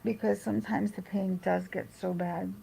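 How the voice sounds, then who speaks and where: A woman's voice: mid-range voice, steady tone, moderate pace, gravelly, dark tone, a little hiss or hum, poor audio. A woman chatting casually on a livestream, reading her chat and rambling through personal stories with restarts.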